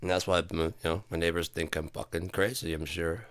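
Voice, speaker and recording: A man's voice: low-pitched, steady tone, fairly quick, no room sound. A man ranting sarcastically and profanely, mocking people and slipping into put-on voices. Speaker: comedic commentator. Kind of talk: sarcastic solo rant.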